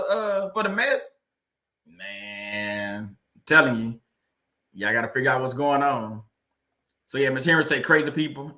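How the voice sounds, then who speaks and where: Bright, high-voiced man telling a story. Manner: animated, laughing, repetitive emphasis. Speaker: livestream host reading viewer comments. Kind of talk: casual storytelling livestream.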